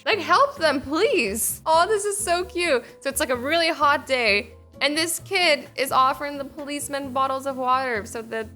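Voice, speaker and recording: Young woman, reaction host, bubbly, giggly, higher voice, faint music behind. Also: pushed and bright. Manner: bubbly, giggly, says "like" a lot. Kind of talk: casual reaction commentary.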